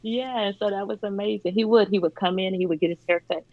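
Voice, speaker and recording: A woman's voice: medium pitch, steady tone, quick pace, no echo, narrow, tinny audio. A woman guest telling her story in a casual interview, laughing often and using many fillers. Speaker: charity founder, guest.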